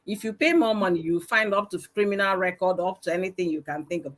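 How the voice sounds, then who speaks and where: A middle-aged woman with a Nigerian accent, telling stories loudly and with emphasis on a live-streamed panel discussion. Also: on the low side, fast talker. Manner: loud, emphatic, storytelling. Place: live stream video call.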